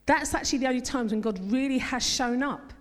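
A woman's voice: high voice, a little fast. A woman preaching a sermon as pastor, emphatic, leading the congregation to repeat lines back to her. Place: church hall. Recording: long hall reverb.

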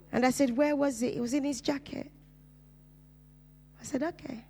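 A woman pastor from Uganda delivers her testimony from the pulpit in a fairly high voice. She tells it as a vivid story, rising to loud bursts and then dropping to hushed, low asides. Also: moderate pace, pauses often. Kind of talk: personal testimony sermon.

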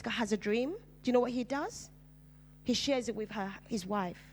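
A woman, a preacher, telling her personal testimony in conversation, earnest and dropping low and soft on painful memories. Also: moderate pace. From Uganda.

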